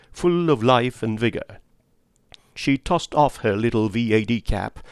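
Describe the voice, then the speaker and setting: A man reading an audiobook in a measured storytelling manner. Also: mid-range voice, creaky, dry recording, studio quality. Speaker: narrator. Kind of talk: audiobook narration.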